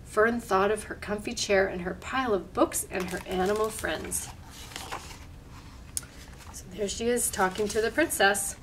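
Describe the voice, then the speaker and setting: A woman at a library story time, reading a picture book in a gentle, unhurried voice. She pauses to explain the pictures to her listeners. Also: mid-range voice, a little hiss or hum.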